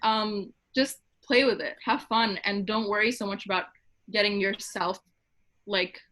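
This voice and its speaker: A woman's voice: mid-range voice, steady tone, measured pace, pushed and bright. A woman speaking as a panelist on a video call, upbeat and encouraging. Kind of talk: panel discussion.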